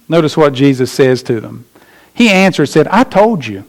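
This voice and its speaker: A man preaching a sermon as pastor, emphatic, slowing down and rising in pitch to stress his points. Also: big pitch swings.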